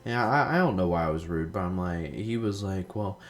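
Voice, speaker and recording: A man's voice: low voice, lively intonation, brisk. A young man hosting a gaming video, chatting casually and telling rambling stories, swearing a lot and saying "like" often. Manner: rambling storytelling, heavy swearing, lots of "like". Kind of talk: casual gameplay commentary.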